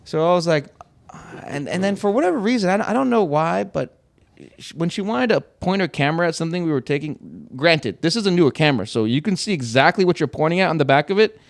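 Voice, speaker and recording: A man's voice: a little high, fast, gravelly. A young man, a podcast host, telling a casual story with lots of swearing and acted-out quotes. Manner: animated, swearing, acts out quotes.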